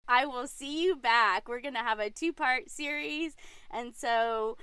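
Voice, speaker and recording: A woman's voice: a little high, a little slow, bright, forceful tone, clear, resonant tone, no echo. A woman hosting a podcast in a casual conversation. She is a dental hygienist who talks in a chatty, upbeat way and giggles often.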